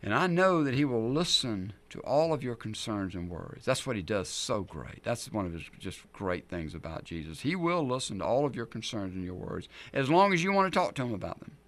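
A middle-aged male pastor preaching a sermon, telling the story in an animated, emphatic way. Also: fairly low pitch, a little fast, hardly any pauses.

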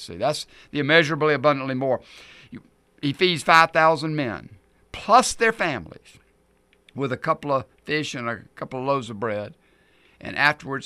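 Male pastor, lively and bright, emphatic sermon delivery, dry close sound. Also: mid-range voice, dry recording. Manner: emphatic, swings between loud stresses and quiet asides.

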